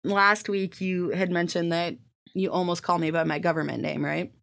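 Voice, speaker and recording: A young woman co-hosting a podcast, telling an animated story and swearing freely in casual chat. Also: lowish voice, moderate pace, gravelly. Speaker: podcast co-host.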